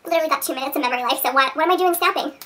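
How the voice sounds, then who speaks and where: A pregnant young woman chats to camera about her makeup favorites, bubbly and quick to giggle as she rambles. Her voice sits fairly high and carries a faint hiss of noise underneath. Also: fairly bright tone. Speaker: beauty vlogger. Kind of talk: casual makeup review to camera.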